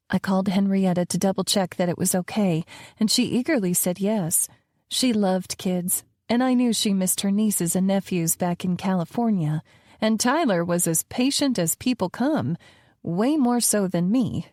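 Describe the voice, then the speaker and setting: A woman narrating a romance audiobook in the first person, calm and measured. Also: medium pitch, no room sound, clean studio sound.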